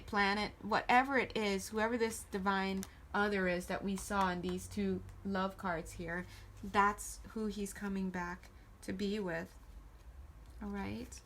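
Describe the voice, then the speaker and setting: A woman giving a casual tarot reading to camera, chatty and playful and warmly encouraging toward her viewers. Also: mid-range voice, slight background noise. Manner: chatty and playful, giggles often. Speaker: tarot reader.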